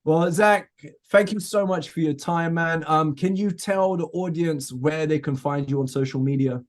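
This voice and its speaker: A man hosts a casual comedy podcast interview. His voice sits slightly high, and he needles his guest with playful, rapid questions. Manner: teasing, joking, quick-fire questions. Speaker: podcast host.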